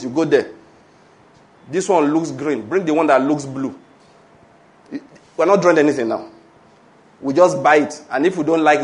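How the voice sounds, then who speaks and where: A man with a Nigerian English accent, preaching a sermon with rhetorical questions and calls for amen. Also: fairly high pitch. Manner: animated preaching with rhetorical questions and call-and-response. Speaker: pastor.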